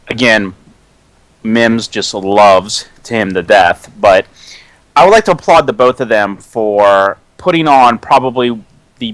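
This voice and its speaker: Slow-talking man on a dry mic. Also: fairly low pitch, fairly bright tone, no echo. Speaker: podcast co-host. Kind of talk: casual wrestling chat.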